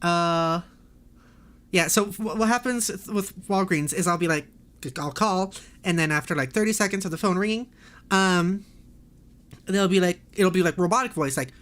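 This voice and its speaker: A woman's voice: fairly low pitch, normal speed. A woman streamer in a casual livestream chat, ranting in an exasperated way, swearing and laughing often.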